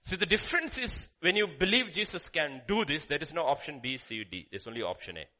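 A man preaching a sermon, emphatic and repetitive, swinging from loud calls to hushed lines. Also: fairly high pitch, animated, brisk, slight background noise.

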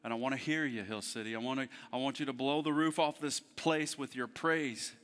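A man in his thirties preaching a heartfelt sermon as pastor to his church, moving between hushed, tender passages and loud, fervent ones. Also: medium pitch, steady tone, a little fast. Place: church service in a theater. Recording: long hall reverb.

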